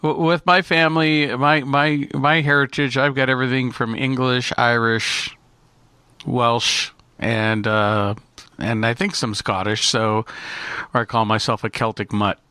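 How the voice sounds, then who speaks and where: A man's voice: medium pitch, little pitch movement, a little slow, bright, forceful tone, clean tone, no room sound. A man co-hosting a radio chat in a friendly, joking way.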